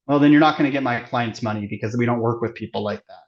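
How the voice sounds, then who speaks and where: A man's voice: mid-range voice, fast talker, dull audio. A man giving earnest, emphatic legal advice as a construction attorney in an online workshop talk.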